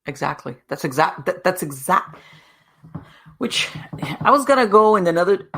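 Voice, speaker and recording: A podcast host chats casually at a middle pitch, mostly answering with short affirmations. Now and then the host jumps in with quick follow-up questions. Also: sing-song, fairly bright tone. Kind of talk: casual interview.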